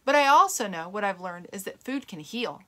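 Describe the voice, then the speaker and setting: In casual talk to camera and podcast listeners, a middle-aged woman fronting her own plant-based health show rambles earnestly with fillers and restarts. She sounds expressive and fairly bright, with medium pitch and a fairly quick pace.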